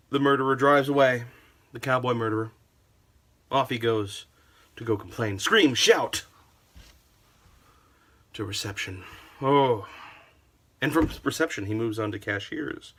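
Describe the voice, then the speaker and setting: A man narrating a comic storytime in a sarcastic, theatrical manner, his voice gravelly and husky. It is bright in tone and leaps between quiet asides and loud outbursts. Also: medium pitch, measured pace, pauses often. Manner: theatrical, sarcastic, wildly varied delivery.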